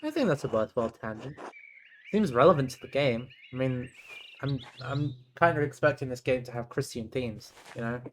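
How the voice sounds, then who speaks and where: A man's voice: mid-range voice, animated, normal speed, slight background noise. A young man streaming a game, chatting casually, reacting aloud and reading game text. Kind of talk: casual gaming commentary.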